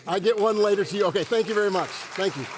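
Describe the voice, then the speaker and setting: High-voiced pastor in a reverberant hall. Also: male voice, expressive, fast, background noise. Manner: conversational, joking with the congregation. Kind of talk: sermon. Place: church sanctuary. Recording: long church hall reverb.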